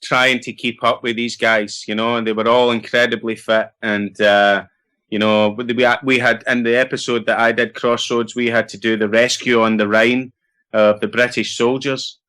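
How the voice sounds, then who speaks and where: Scottish man, middle-aged, actor guest, casual rambling answers, self-deprecating, mid-pitched voice. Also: fairly bright tone. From Scotland.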